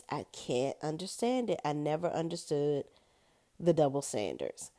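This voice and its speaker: A woman's voice: low voice, big pitch swings, unhurried, mellow, dry recording. A woman recapping a TV episode in a casual, sassy, blunt way, full of slang. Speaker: TV recap vlogger.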